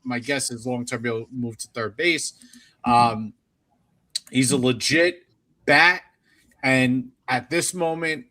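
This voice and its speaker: Man, sports talk co-host, medium pitch, measured analysis. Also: fairly even intonation, bright, forceful tone, no room sound.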